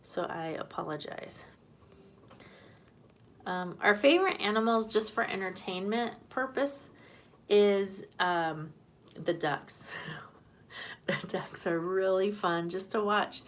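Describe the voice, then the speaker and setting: A homesteading channel host speaks at a slow pace in a medium-pitched voice. It's casual live-stream chat: she talks loosely, welcomes commenters, and laughs readily.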